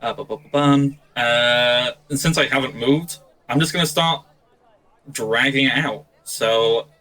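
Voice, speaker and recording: A man's voice: medium pitch, fairly even intonation, unhurried, pushed and bright, poor audio. British male player, mid voice, hesitant, thinks aloud. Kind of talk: tabletop game chat.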